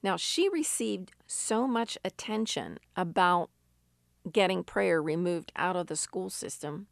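A woman preacher giving a sermon, telling stories in an unhurried way with emphatic rises. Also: lowish voice, expressive, vocal fry, no room sound, clean studio sound.

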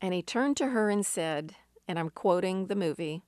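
Slow, deliberate woman preaching. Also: fairly low pitch, no echo, clean studio sound. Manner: unhurried storytelling with emphatic rises. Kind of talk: sermon.

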